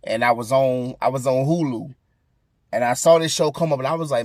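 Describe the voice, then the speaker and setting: A man's voice: mid-range voice, brisk, darkish tone, no room sound. A man hosting a podcast, chatting loosely and rambling with lots of fillers. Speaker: podcast host. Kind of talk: casual chat.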